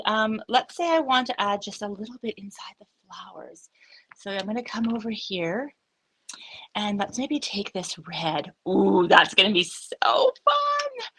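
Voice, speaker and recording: A woman's voice: medium pitch, pushed and bright, poor audio. A woman hosting a live craft demonstration, chatty and upbeat, thinking aloud with frequent fillers. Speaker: craft studio host.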